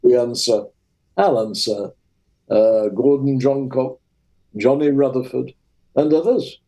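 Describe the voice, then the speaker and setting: This is a retired racing driver, an older Lancashire man with the local accent, sharing colourful stories as a guest in an interview. His medium-pitched voice moves at a slow pace, and he comes across as an animated, vivid storyteller despite the poor audio.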